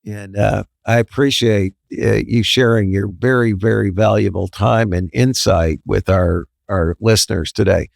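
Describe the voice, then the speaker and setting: A man's voice: fairly low pitch, fairly even intonation, unhurried, vocal fry, hardly any pauses, no room sound, studio quality. A man hosting a small business podcast, wrapping up in an appreciative, hesitant way. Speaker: podcast host. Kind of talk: casual interview.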